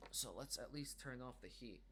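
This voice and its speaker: A man's voice: mid-range voice, moderate pace, sharp tone, slight background noise. A man vlogging at home in a casual, rambling monologue to camera, reflective and reassuring, with many fillers and restarts. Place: at home indoors.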